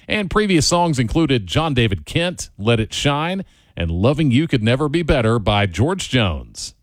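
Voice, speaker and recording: A man with an ordinary mid-range voice announces songs and the weather as a radio host. His delivery is friendly and smooth, and the studio sound is dry and close. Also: medium pitch, dry recording.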